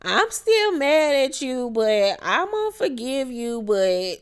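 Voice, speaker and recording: A woman voicing a whiny, dramatic young woman in a high, pleading, drawn-out tone. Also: very animated, smooth, heavily acted. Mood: sassy, mad.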